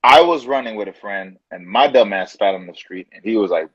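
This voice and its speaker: A man with a New York accent telling profane, animated stories as a guest on a casual video call talk show. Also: fairly low pitch, fairly quick, slightly rough, no room sound, muffled recording. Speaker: guest fighter. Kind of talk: casual storytelling.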